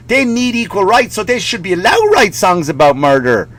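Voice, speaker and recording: A man's voice: sits high, very animated, moderate pace, hardly any pauses, fairly bright tone. A male comedian and podcast host delivering a profane, sarcastic comic rant, possibly, slipping in mocking voices.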